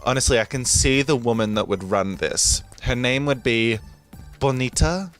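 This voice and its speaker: Man, host voice-over, chatty and giggly, swooping animated intonation. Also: medium pitch, moderate pace, soft background music. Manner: chatty, rambling, gushing, giggly. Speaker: gaming video host. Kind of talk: casual voice-over over gameplay.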